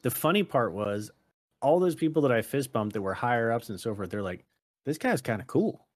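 A man's voice: mid-range voice, a little fast, no room sound. American man, dry close sound. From United States. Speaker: podcast guest. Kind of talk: casual podcast chat.

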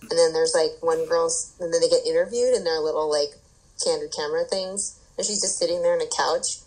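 A woman with a fairly low voice hosts a podcast in casual chat. She rambles through her story and fills it with "like" and "um". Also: brisk, a little mellow, rough recording. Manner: rambling, filler-heavy storytelling.

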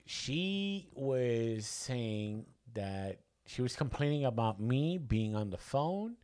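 Male co-host, mid pitch, rambling casual storyteller with a lively voice. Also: takes it slowly, smooth. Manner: rambling, laughs between stories. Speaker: podcast co-host. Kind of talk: casual comedy chat.

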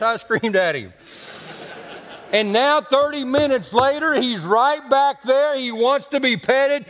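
A man's voice: very high voice, pushed and bright, long reverb tail. A man preaching a sermon in a homespun, colloquial way, telling stories and talking to the congregation. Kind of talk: folksy storytelling sermon.

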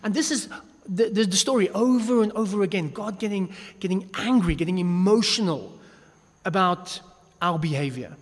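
A man's voice: high-pitched, moderate pace. A man giving a casual, joking Bible lesson, with frequent restarts as he talks. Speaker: Bible teacher. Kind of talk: casual teaching talk. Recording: long echo of a reverberant hall.

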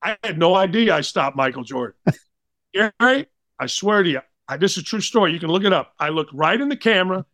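High-voiced blunt storytelling man. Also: a little fast, no echo, studio quality. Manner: blunt, animated, slangy anecdotes. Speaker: guest, former college basketball player. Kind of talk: casual storytelling.

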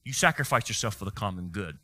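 A man putting on the voice of a condescending male official, coaxing and dismissive, pitched lower than his usual preaching voice. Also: expressive, fast, pushed and bright, full character voice. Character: smooth, condescending male official rationing care.

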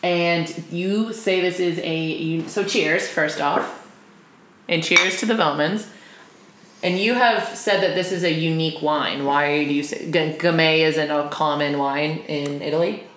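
A young woman co-hosts a casual podcast, chatty and playful, rambling with plenty of fillers. Her voice is low and a bit bright, with fairly even intonation and a slightly slow pace. She's recorded in a sparse, empty apartment room that gives an echoey sound.

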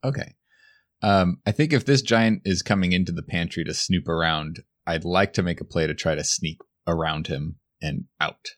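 A man's voice: low voice, moderate pace. A man playing in a tabletop role-playing game, talking casually and thinking aloud about what his character does. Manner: easygoing, thinks aloud with fillers. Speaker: player.

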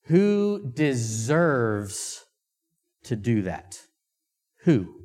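A man preaching a sermon, reading scripture aloud and pausing to ask the congregation questions, with Amharic as his first language. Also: mid-range voice, big pitch swings, a little mellow. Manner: slow, deliberate pacing with emphatic pauses. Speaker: missionary preacher.

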